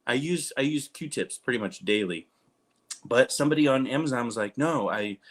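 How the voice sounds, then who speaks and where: A man's voice: medium pitch, lively intonation, fairly quick. A man in his thirties chatting casually to camera, rambling and poking fun at himself with frequent restarts. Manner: rambling, self-mocking, restarts often. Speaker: vlogger.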